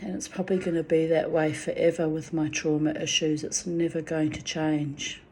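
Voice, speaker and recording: A woman's voice: low-pitched, little pitch movement, moderate pace, darkish tone, slight background noise. A woman speaking in a raw, emotional monologue, venting and swearing about love and men. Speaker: spiritual vlogger.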